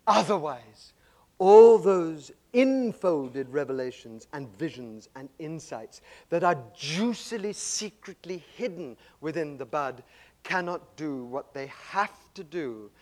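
High-voiced man telling a dramatic story. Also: slow. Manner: dramatic, expressive storytelling that swings from loud to hushed. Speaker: speaker. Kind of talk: storytelling spiritual talk.

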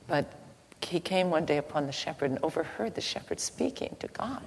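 A woman giving a slow, halting devotional teaching with a story, soft-spoken, recorded in an echoey hall with faint ambient noise. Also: sits low, expressive. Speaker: spiritual teacher.

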